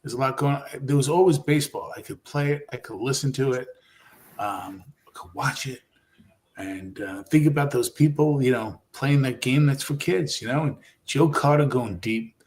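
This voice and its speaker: A man's voice: mid-range voice, moderate pace. A middle-aged man co-hosting a podcast, telling stories in casual chat and laughing often. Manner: animated storyteller, laughs often. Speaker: podcast co-host.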